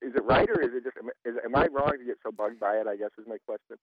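A man's voice: medium pitch, very fast, vocal fry, no echo. A man calling a radio show, venting in an exasperated way and repeatedly asking if he is understood. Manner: exasperated, repeats "you know what I mean". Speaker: caller. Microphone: phone. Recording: narrow phone line.

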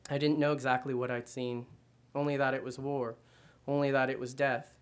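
A man giving a measured first-person reading of literary fiction. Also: medium pitch, level tone, smooth. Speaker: reader.

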